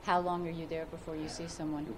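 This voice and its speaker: Brisk low-voiced woman therapist. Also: noisy background. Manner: calm, repetitive reassurance, insistent prompting. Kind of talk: guided exposure therapy session.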